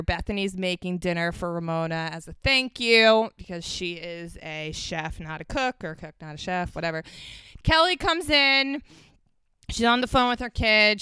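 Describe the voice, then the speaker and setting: Bright, sharp tone and very crisp, smooth delivery. This woman hosts a podcast in relaxed chat and recaps quickly with playful asides. The sound is close and dry. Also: medium pitch, dry recording. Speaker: podcast host. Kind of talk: casual chat.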